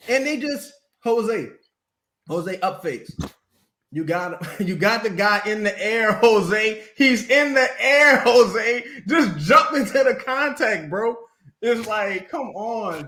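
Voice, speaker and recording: Animated high-voiced man on a sports podcast. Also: a little hiss or hum. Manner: animated, mimics announcers, laughs often. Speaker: podcast co-host. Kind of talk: casual sports talk.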